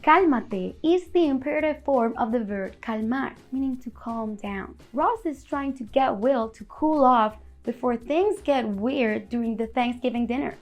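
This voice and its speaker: A woman narrating a scripted language lesson in a clear, upbeat, explanatory way. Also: a little high, unhurried, few pauses. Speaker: language teacher.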